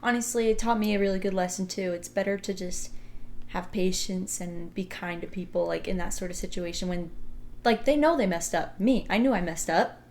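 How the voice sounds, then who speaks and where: A young woman co-hosting a podcast, telling a story in an animated way and laughing often. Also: on the low side, brisk, a little hiss or hum. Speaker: podcast co-host. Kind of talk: casual chat.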